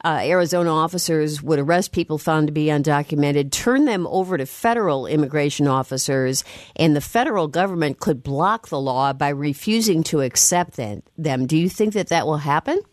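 A woman hosting a public radio call-in interview, measured and clear, reading out details slowly. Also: sits low, lively intonation, darkish tone, dry recording, clean studio sound. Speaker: radio talk show host. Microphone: studio microphone.

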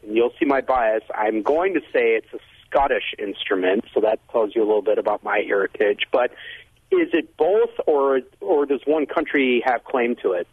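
A man's voice: mid-range voice, moderate pace, no room sound. A man calling in to a radio show, asking a hesitant question with many fillers. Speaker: caller. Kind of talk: call-in question. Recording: husky telephone line.

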